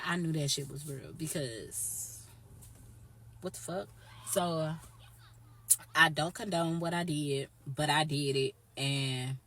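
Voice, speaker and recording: A young woman telling a storytime vlog, blunt, profane and animated. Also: low voice. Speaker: YouTuber.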